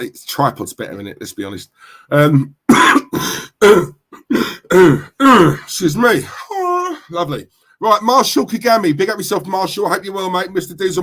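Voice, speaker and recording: A man with a London accent hosts a casual football live stream, greeting viewers in the chat. His voice is high-pitched and fairly bright, and he's chatty and full of slang.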